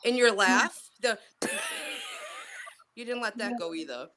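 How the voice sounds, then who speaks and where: Boston woman, blunt, teasing, somewhat high voice, group chat. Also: expressive, unhurried, crowd noise. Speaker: online chat guest. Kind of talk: casual online group chat.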